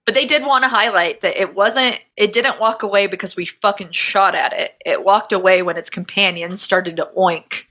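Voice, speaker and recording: Bright-voiced woman telling a spooky story. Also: medium pitch, moderate pace, hardly any pauses. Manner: swearing, jokey, reads story notes. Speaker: podcast co-host. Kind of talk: casual comedic chat.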